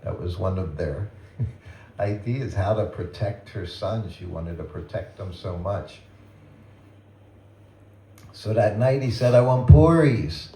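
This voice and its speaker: A man's voice: low-pitched, slow, long pauses, distant mic. Older man telling stories, roomy hall. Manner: gentle, chuckling anecdotal delivery. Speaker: guest speaker at a temple. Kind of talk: reminiscing storytelling talk. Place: temple hall. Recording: roomy temple hall with faint ambience.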